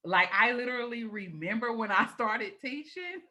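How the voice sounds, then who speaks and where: A woman, a former teacher co-hosting a casual video-call chat, talks in a lively, teasing, chatty way. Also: on the high side, normal speed.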